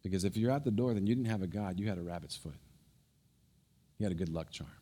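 A male pastor preaching a sermon, telling a story with animated energy, then dropping soft and low to press a point, with quick stumbles and restarts.

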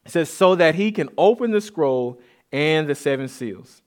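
With an animated, slightly high and somewhat mellow voice at a normal speed, a man delivers a relaxed, conversational sermon in church. He's a pastor who restarts and repeats words as he climbs toward emphatic high points.

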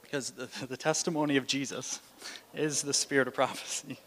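A man's voice: mid-range voice, fairly even intonation, fairly quick, a bit bright, a little hiss or hum. A man giving a sermon, telling stories in a casual way with fillers and restarts. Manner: storytelling with frequent restarts and fillers. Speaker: preacher. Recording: long hall reverb.

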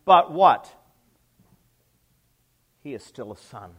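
A middle-aged male pastor preaching a sermon, emphatic, with rhetorical questions and swings between loud and soft. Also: on the high side, expressive, slow, husky.

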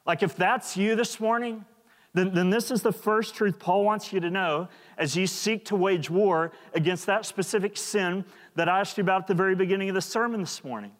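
A pastor with a high-pitched, fairly quick voice preaches a sermon in a church, earnest and emphatic and often repeating words. Long hall reverb colors the recording.

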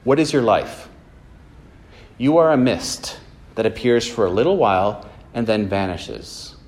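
A man's voice: fairly low pitch, expressive, a little slow, a little mellow. A man preaching a sermon in a church, mixing plain storytelling with earnest, emphatic points. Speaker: pastor.

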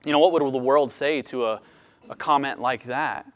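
A man preaching a sermon as a pastor, speaking expressively with lively rises and drops. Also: mid-range voice, normal speed.

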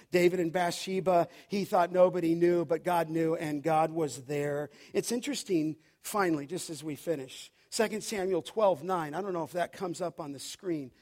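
A male pastor with a high-pitched voice preaches to his congregation. He tells a personal story and plays out the back-and-forth. He keeps asking the room questions. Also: a little mellow. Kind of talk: sermon. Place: church sanctuary.

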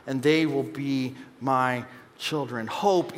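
A man's voice: on the high side, moderate pace, slight background noise. A man in his thirties, a pastor, preaching an earnest, conversational sermon with personal storytelling. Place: church sanctuary. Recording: long hall reverb.

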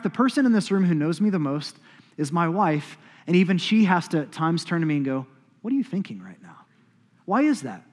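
Middle-aged pastor preaching, fairly high husky voice, big echoey church hall. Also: male voice. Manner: emphatic, swings between loud declarations and quiet asides. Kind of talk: sermon. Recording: long hall reverb.

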